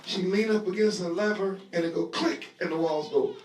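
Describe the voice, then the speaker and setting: A man teaching a Bible lesson to a live audience in a lively sermon style, talking conversationally, acting out scenes, and leading call-and-response. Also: high-pitched, fairly quick, faint music behind. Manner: conversational, acts out scenes with voices. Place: room at a live gathering. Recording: echoey live room audio, voice distant.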